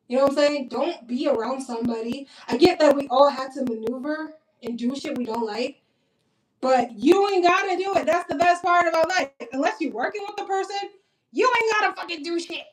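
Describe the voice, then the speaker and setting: A woman's voice: sits high, brisk, rough recording. Blunt, profane young woman vlogger. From Minnesota. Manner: blunt, profane and animated, talks straight to viewers. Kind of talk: casual get-ready-with-me chat.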